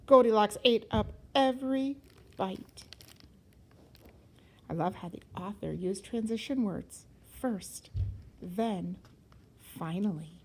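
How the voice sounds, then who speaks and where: A woman teacher reading a children's story aloud in an expressive, sing-song way, sometimes dropping to a whisper. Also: medium pitch, slow, long pauses, a little hiss or hum, poor audio.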